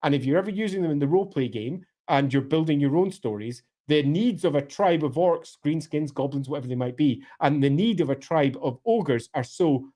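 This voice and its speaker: A man talking emphatically in a casual podcast discussion, his pitch swinging up and down as he makes his points. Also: animated, a little fast, hardly any pauses, warm tone. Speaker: co-host of a lore podcast.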